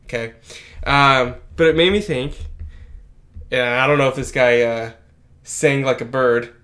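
Man, casual podcast chat, rambling, middle pitch. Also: steady tone, unhurried, a bit bright. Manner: rambling, many fillers and restarts. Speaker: podcast co-host.

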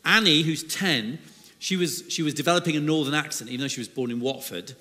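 Middle-aged male guest preacher, forceful bright tone, easygoing jokey sermon delivery, long echoing church acoustic. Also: a little high, a little fast. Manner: chatty, with self-deprecating jokes. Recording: long hall reverb in a church.

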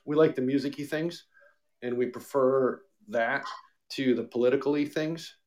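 A man's voice: mid-range voice, moderate pace, darkish tone. Guy, podcast co-host, jokey and rambling. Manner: joking, rambling, mock radio-DJ bits. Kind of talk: casual chat.

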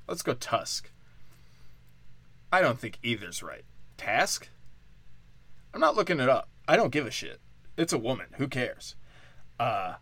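A man's voice: medium pitch, a bit bright, dry recording. A man hosting a comedy podcast, ranting in a crude, profane, sarcastic way and drifting off his point. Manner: off-the-cuff, loses his thread. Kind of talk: rambling comedic rant.

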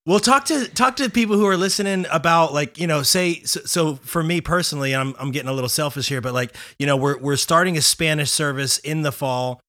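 A man hosting an interview podcast, enthusiastic and quick to react with "wow" and "man" as he talks with his guest. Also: on the high side, fairly bright tone, no room sound, studio quality. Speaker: podcast host. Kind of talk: casual interview chat.

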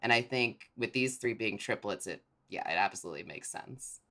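A man's voice: fairly low pitch, normal speed, pushed and bright. A man co-hosting a casual podcast chat, enthusiastic and rambling, with lots of fillers. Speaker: podcast co-host.

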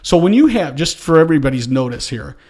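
A middle-aged man hosting a podcast from his home basement studio, telling a story with energy and acting out his own shouting. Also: on the high side, lively intonation, fast talker. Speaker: podcast host. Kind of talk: casual chat.

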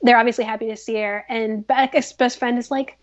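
Chatty woman host retelling a drama, lots of likes, higher voice, bit muffled. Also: fairly even intonation, brisk. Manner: chatty, filler-heavy storytelling. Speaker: podcast host. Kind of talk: casual drama recap chat.

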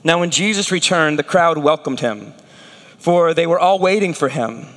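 A man's voice: a little high, normal speed, fairly bright tone, in a large hall. A man preaching a sermon as a pastor, acting out the prayers and words of the people he talks about.

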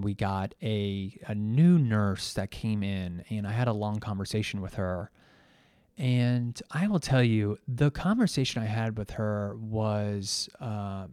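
Recorded cleanly in a studio with no echo, a middle-aged podcast host and coach speaks alone in a medium-pitched, slightly mellow voice. His reflective solo talk is earnest and a little emotional, with many fillers and restarts.

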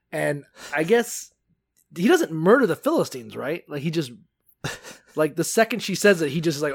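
A man's voice: a little high, very animated, moderate pace, gravelly, husky. A man co-hosting a casual podcast, retelling a Bible story with crude jokes and silly put-on character voices. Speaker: podcast co-host.

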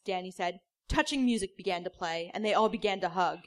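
A woman comedian reads a story aloud in a dry, deadpan way, with a middle-pitched voice. She sometimes breaks into laughter at her own lines. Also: brisk. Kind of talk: comic reading of a story.

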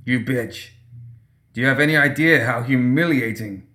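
A man's voice: medium pitch, normal speed, sharp tone, natural voice. A man voicing a beaten, desperate shopkeeper who pleads and cries out in pain.

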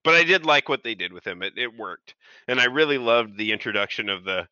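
Bright man on a dull mic. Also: medium pitch, animated, brisk, smooth, no room sound. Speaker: podcast co-host. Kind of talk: casual chat.

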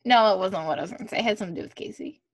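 A woman's voice: medium pitch, racing, slightly rough, dry recording. A woman co-hosting a podcast, chatting casually and animatedly as she recaps a TV episode, with plenty of filler words. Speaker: podcast co-host.

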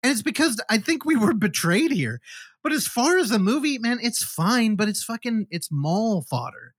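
A man co-hosting a podcast, chatting casually about horror films, animated and swearing freely. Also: very high-pitched, normal speed, no echo, studio quality. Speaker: podcast co-host.

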